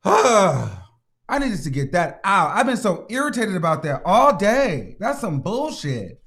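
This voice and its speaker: A man hosting a casual gossip commentary show, telling stories in an animated, profane, dramatic way. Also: high-pitched, takes it slowly. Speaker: host.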